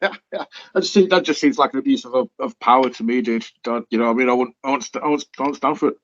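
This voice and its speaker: A man's voice: mid-range voice, quick pace, a bit bright, no echo, lo-fi sound. A man hosting a podcast in casual, jokey chat, often calling his guest dude. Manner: laughing, jokey, says dude a lot. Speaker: podcast host.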